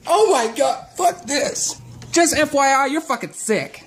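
A young man improvising a crude comedy skit at home, loud and profane. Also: very high voice, lively intonation, measured pace. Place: indoors at home.

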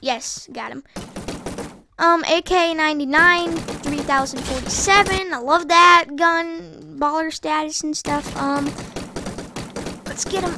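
A woman giving excitable live gameplay commentary, trash-talking opponents and giggling as she plays. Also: high voice, takes it slowly, noisy background. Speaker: gaming channel host.

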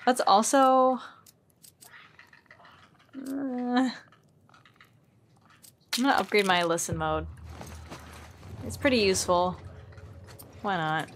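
Slow-talking woman chatting over gameplay. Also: medium pitch, a little hiss or hum. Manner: chatty, drops to near whispers, yelps and laughs when startled. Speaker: gaming channel host. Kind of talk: casual gameplay commentary.

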